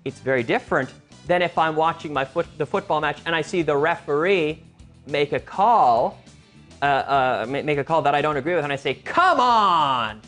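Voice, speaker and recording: A man hosting a quiz show and teaching English, energetic and teacherly, stressing intonation. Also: a little high, a little fast, faint music behind.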